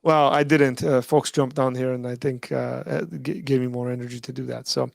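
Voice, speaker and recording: Gravelly-voiced man hosting a call-in stream. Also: medium pitch, level tone, normal speed, no echo. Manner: rambling, filler-heavy, frequent "like" and "right?". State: losing his voice after hours of streaming. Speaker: host of a live call-in stream. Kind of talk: casual livestream talk.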